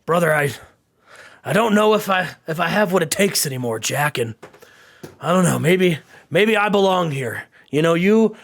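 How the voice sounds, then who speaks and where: Brief: gruff, downcast old wrestling star who calls everyone brother, as a man puts him on. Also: on the high side, fairly bright tone, exaggerated voice. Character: washed-up wrestling legend impression, gruff, self-doubting.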